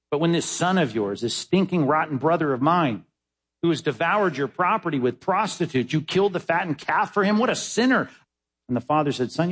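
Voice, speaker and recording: A man preaching a sermon as pastor, stressing words with sudden high, loud bursts and dropping to low, quiet asides. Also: husky.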